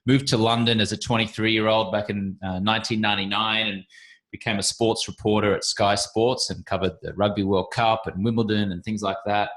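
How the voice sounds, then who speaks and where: A man's voice: on the low side, little pitch movement, a little fast, a bit bright. Breezy Australian man, self-deprecating. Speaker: podcast guest. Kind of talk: casual interview chat.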